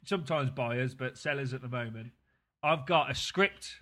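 A man's voice: medium pitch, normal speed, sharp tone. A man hosting a casual podcast chat, talking freely and laughing often. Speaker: podcast host.

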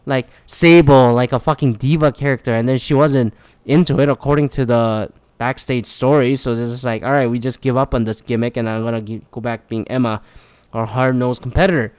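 A man's voice: medium pitch, a little fast, clean tone, no room sound. A man ranting casually about a live wrestling show, swearing often and acting out what people said. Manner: animated, swears a lot, acts out quotes. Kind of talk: casual profane rant.

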